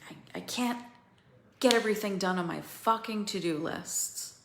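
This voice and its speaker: A woman coaching other women through a feeling practice, slow and pausing, candid and swearing now and then. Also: mid-range voice, roomy sound, background noise. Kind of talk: guided emotional coaching talk.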